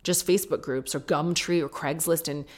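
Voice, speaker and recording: A woman hosting a podcast, chatting frankly and quickly breaking into laughter. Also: sits low, fairly even intonation. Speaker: podcast host. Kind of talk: casual chat.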